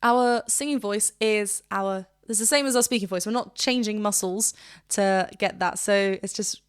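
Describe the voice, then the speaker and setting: A woman vocal coach reacting to a song, gushing and rambling with quick restarts. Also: medium pitch, clean tone. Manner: breaks into short sung demonstrations. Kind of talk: reaction commentary.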